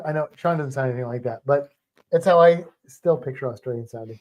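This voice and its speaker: A man co-hosting a livestream, chatting casually with viewers in a rambling, animated way and often breaking off mid-sentence. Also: mid-range voice, brisk, dull audio. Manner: rambling, self-interrupting, animated storytelling. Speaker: livestream co-host.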